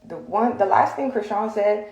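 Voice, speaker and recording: A woman's voice: medium pitch, moderate pace, darkish tone. A woman ranting straight to her phone camera, blunt and profane, rambling with lots of fillers. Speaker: social media vlogger. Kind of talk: heated direct-to-camera rant. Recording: echoey room.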